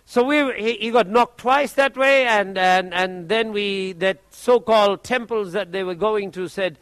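A man preaching, telling a testimony story in an animated way and often repeating his words. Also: sits high, measured pace, smooth, no room sound.

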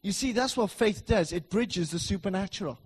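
A middle-aged man preaching a sermon in a church, emphatic and repetitive, swinging between loud declarations and soft asides. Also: sits high, normal speed, husky.

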